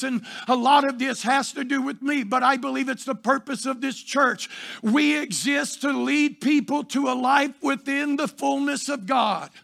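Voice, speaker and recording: A middle-aged pastor, preaching fervently in a church with shouted emphasis and repetition. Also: male voice, very high-pitched, vocal fry. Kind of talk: sermon. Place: church sanctuary.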